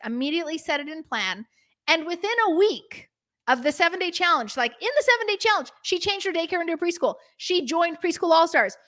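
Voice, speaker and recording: A woman's voice: sits high, fairly bright tone. A woman hosting a casual live stream, chatty and bubbly, with lots of fillers. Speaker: host of a live stream for preschool owners.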